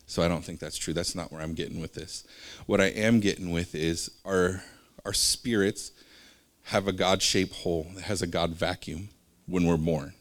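A man with a lowish voice teaching from faith in a casual, loose way. He keeps drifting into personal stories and says so himself, filling gaps with small hesitations. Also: fairly even intonation, moderate pace. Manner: rambling, jumps between stories; conversational, with fillers.

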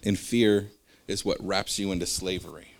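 A man with a lowish voice teaching from faith in a casual, loose way. He keeps drifting into personal stories and says so himself, filling gaps with small hesitations. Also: steady tone, moderate pace, gravelly. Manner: rambling, jumps between stories; conversational, with fillers.

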